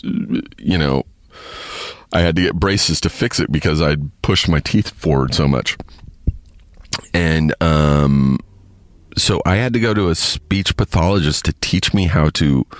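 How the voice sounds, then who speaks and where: A man's voice: sits low, no room sound, studio quality. A man hosting a podcast, reading a listener email aloud and rambling chattily with lots of self-corrections. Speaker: podcast host. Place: parked car.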